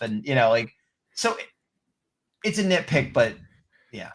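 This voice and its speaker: A man's voice: mid-range voice, normal speed, long pauses. A man co-hosting a podcast, chatting casually as he reviews a show and acting out little snippets of its dialogue. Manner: chatty, animated, acts out short quotes. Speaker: podcast co-host.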